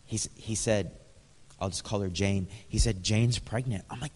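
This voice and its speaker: A man preaching in a church, his voice sitting low and carried by the long reverb of a large hall. He tells stories with animated quoted dialogue, then reads scripture aloud to the congregation. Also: fairly quick. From Canada. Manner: storytelling, lively, animated quotes. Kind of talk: sermon.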